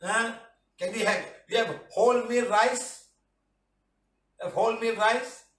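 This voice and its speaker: A man's voice: high voice, takes it slowly, fairly bright tone. A middle-aged man, teaching a live class in a joking, teasing way, reading out viewer comments and ending phrases with "huh?" and "lah". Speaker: healing teacher. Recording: roomy echo, mic at a distance.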